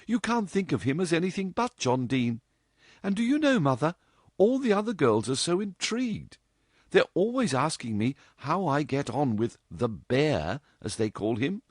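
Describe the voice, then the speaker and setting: A man doing a chattering, teasing young woman, high and lively. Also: normal speed, no echo, clean studio sound. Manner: chattering, playful, mock-dramatic.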